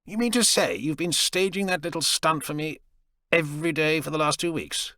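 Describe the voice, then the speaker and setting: A man's voice: on the high side, normal speed, pushed and bright, no echo, clean studio sound, voice pushed up. A man voicing a wary, sardonic squadron leader in his thirties, his voice raised and strained above his own. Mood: uneasy.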